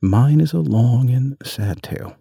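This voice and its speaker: Man voicing a storybook mouse, easily offended, sharp, dark husky tone. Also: fairly low pitch, animated, a little slow, no echo, studio quality, exaggerated voice. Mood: severe. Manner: sharp, severe.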